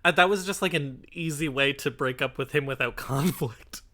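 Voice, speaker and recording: A woman chatting casually as a stream co-commentator, animated and jokey, swearing freely. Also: sits low, moderate pace. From grew up in a Spanish-speaking household. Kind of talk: casual chat. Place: lives in Toronto.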